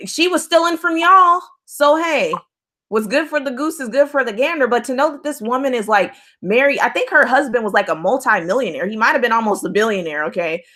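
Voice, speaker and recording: A woman's voice: on the high side, expressive, a little fast, sharp tone. Chatty woman host asking questions. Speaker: interview host. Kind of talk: casual interview questions.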